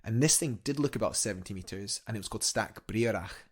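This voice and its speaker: A man's voice: lowish voice, fast talker, breathy edge. A young man, a guest climber, telling a story eagerly in a casual interview, rambling with fillers and restarts.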